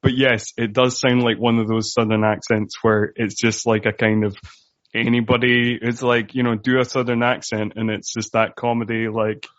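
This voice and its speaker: A man's voice: mid-range voice, flat delivery, normal speed, dry recording. A man co-hosting a casual movie podcast, rambling with many fillers and restarts. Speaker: podcast co-host. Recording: dull dry home recording.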